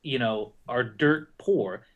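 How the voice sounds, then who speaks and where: A man's voice: medium pitch, takes it slowly, dull audio. A man co-hosting a podcast, explaining ideas in a rambling, self-correcting way. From Canada. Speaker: podcast co-host. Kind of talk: casual podcast discussion.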